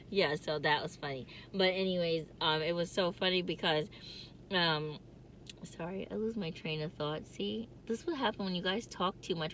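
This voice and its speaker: A woman's voice: fairly low pitch, normal speed, fairly bright tone, a little hiss or hum. A woman vlogging from her car in casual chat, with a distinctive nasal voice, rambling and laughing often.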